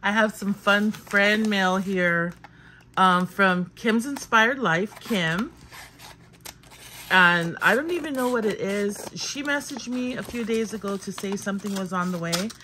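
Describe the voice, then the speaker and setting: A woman hosting a crafting channel, chatting casually and gushing with excitement as she opens mail. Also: medium pitch, measured pace, slight background noise. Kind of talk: casual unboxing vlog chat.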